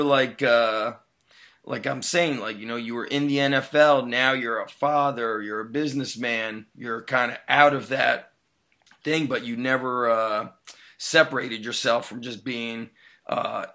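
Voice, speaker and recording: Fired-up, rambling podcast host. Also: male voice, mid-range voice, unhurried, bright, forceful tone. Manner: rambling, fired-up questions with filler words. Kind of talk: casual interview talk.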